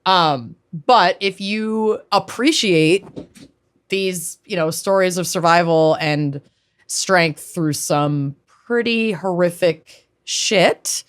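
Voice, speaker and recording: A woman's voice: fairly low pitch, slow, smooth. A woman co-hosting a podcast in casual chat, laid-back and rambling with fillers. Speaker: podcast co-host.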